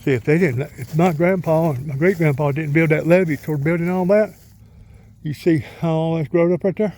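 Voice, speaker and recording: Middle-aged man, rambling country storyteller, voice a bit high, vlogging outside. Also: a little fast, warm tone. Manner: rambling folksy storytelling, talks to his dog. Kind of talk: casual outdoor vlog. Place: outdoors in the countryside by a pond.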